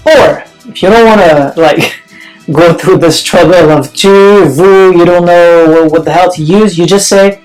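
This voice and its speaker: A young man from Paris with a Parisian French accent, giving a relaxed, chatty French lesson to camera. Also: fairly high pitch, a little slow, soft background music, low-quality recording. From France. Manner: relaxed and chatty, with many fillers. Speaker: French teacher. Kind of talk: casual language lesson to camera.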